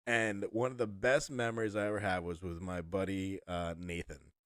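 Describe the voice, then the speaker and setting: A man's voice: low-pitched, little pitch movement, normal speed, fairly bright tone, no room sound, clean studio sound. An American man co-hosting a podcast, telling a rambling travel story in a casual chat with lots of fillers and restarts. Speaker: podcast co-host.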